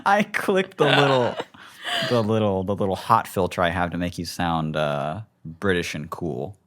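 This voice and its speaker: A man's voice: deep voice, expressive, normal speed, fairly bright tone. A man co-hosting a podcast in casual chat. He jokes, swears freely and often trails off mid-sentence. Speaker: podcast co-host.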